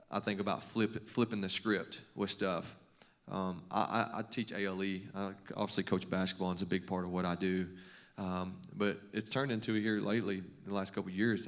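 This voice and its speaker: Guy, middle-aged coach, fairly low voice, rambles and restarts a lot, folksy. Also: a bit bright. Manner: conversational, lots of restarts and stammers; folksy, self-deprecating humor. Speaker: basketball coach and teacher. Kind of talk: devotional talk to a men's group.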